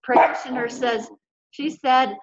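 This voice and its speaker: A woman's voice: sits high, steady tone, measured pace. A woman in a casual spiritual chat, telling a personal story in an earnest, rambling way. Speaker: co-host. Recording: dull lo-fi audio with faint noise.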